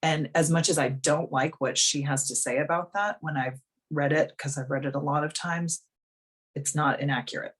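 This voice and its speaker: A woman's voice: sits low, fairly even intonation, moderate pace, husky. A woman life coach hosting a live video coaching call, talking frankly and bluntly in a casual, chatty way.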